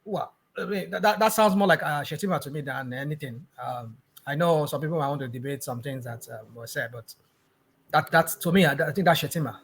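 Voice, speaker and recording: Fast-talking bright male show host. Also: a little high, creaky, slightly rough. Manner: quick, challenging interjections. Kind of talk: panel discussion.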